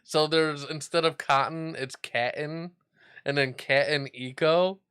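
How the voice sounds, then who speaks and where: A man's voice: a little high, fairly even intonation, unhurried, bright, forceful tone, clean tone, dry recording, clean studio sound. Wisecracking man on a comedy podcast. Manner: wisecracking, crude jokes, laid-back. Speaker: co-host. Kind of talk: casual comedic podcast chat.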